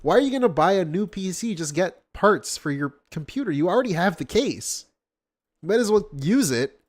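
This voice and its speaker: A hoarse man reacting to a stream clip with casual, profane, mocking commentary. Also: on the high side.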